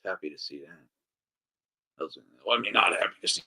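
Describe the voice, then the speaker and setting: Animated, bright-voiced man ranting. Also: sits low, fast talker, gravelly, breathy edge. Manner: animated, swears a lot, acts out quoted voices. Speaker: podcast co-host. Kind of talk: casual podcast chat.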